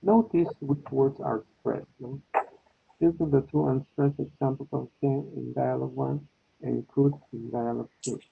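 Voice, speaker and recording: A man teaching an online English class, slowly checking in with his students. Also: medium pitch, fairly even intonation, vocal fry, breathy edge. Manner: slow, repeats with "okay?" and "no?" checks. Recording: tinny phone-like line.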